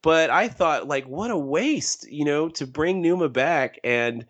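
A man co-hosting a casual podcast discussion, who rambles with animated emphasis. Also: a little high, a little slow. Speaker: podcast co-host.

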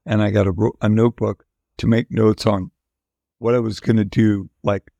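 Gravelly older man telling candid stories. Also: on the low side, little pitch movement, moderate pace, mellow, dry recording, highs cut off. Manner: rambling, candid storytelling with restarts. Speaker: guest musician. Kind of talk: casual storytelling interview.

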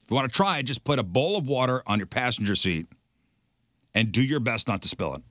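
A radio co-host on a casual talk show reads out news items matter-of-factly in an expressive, fairly bright mid-range voice at a quick pace. The recording is dry and studio quality.

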